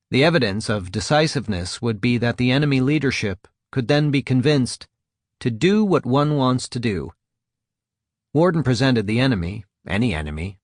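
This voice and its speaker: A man narrating a nonfiction audiobook in a measured, even reading style. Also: mid-range voice, no room sound, studio quality.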